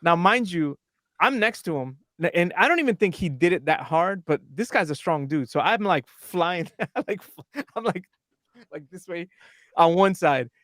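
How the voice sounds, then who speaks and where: Male podcast guest, bright high voice, dry close mic, animated storyteller. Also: moderate pace, no room sound. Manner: animated, acts out voices in his anecdote.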